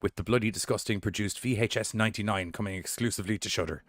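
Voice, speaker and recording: A man's voice: fairly low pitch, fast talker, no echo, clean studio sound. A man hosting a podcast, reading horror news headlines with rambling, sweary, jokey asides.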